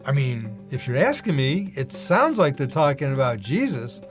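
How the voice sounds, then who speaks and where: A man's voice: a little high, very animated, moderate pace, faint music behind. Earnest man telling his story. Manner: earnest, acts out quoted dialogue with raised voice. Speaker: speaker giving a personal testimony. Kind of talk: personal testimony storytelling.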